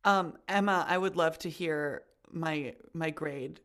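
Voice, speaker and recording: A woman's voice: sits low, slow, a bit bright. A woman with a Scottish accent, co-hosting a casual podcast chat in a teasing, playful way. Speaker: co-host.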